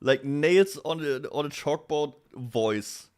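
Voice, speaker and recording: Streaming and chatting casually, a young German-accented man laughs frequently and responds loudly to his chat. He speaks slowly in a voice on the high side.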